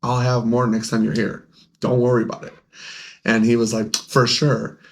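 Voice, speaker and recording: A man's voice: mid-range voice, completely flat delivery, moderate pace. A young man, a podcast co-host who owns a game store, telling rambling stories in casual chat, laughing often and acting out the people he quotes.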